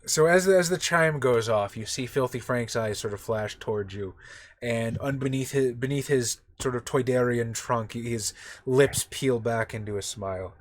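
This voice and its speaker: A man's voice: medium pitch, normal speed, no echo. A man narrating a tabletop game as game master in a casual, loose way.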